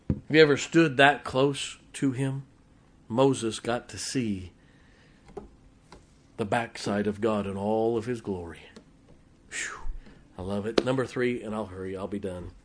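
A man preaching a sermon, swinging between quiet asides and forceful scripture reading. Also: fairly low pitch. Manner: folksy, emphatic, reads scripture aloud with rising force.

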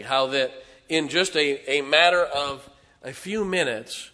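A male preacher delivers a sermon as a dramatic story. His voice is bright and forward, and he slips into the voices of the people in the tale as he goes. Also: medium pitch. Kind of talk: sermon retelling a Bible story.

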